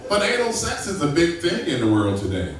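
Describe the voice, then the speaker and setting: A man doing a crude stand-up comedy set, telling stories and using loud high-pitched voices for the people he quotes. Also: wildly swooping pitch, brisk, heavy background noise. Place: club stage before an audience. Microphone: far camera. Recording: echoey room from far off, loud ambience.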